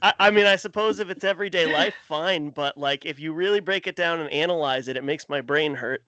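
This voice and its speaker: A podcast co-host whose voice is smooth and resonant, recorded close and dry. He talks casually with plenty of hesitation and restarts. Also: on the high side, fairly quick, sharp tone, dry recording. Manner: hesitant, many restarts and fillers.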